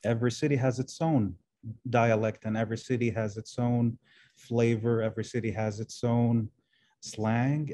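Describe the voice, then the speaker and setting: A man's voice: medium pitch, dark tone. A man whose first language is Arabic, a translation professor speaking as a guest in an interview, thoughtful and often repeating words as he searches for phrasing. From Arab world. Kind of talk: interview conversation.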